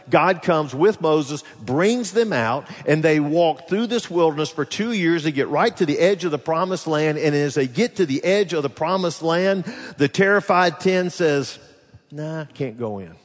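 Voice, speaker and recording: A man preaching a sermon as pastor, animated, swinging between loud rises and quiet drops as he voices the people's complaints. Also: mid-range voice. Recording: long hall reverb.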